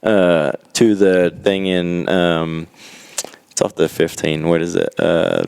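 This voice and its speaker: Deep-voiced Australian man, laid-back. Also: slow, gravelly, darkish tone, smooth. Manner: rambling, laid-back, laughs often. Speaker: guest, pro racer. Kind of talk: casual interview chat.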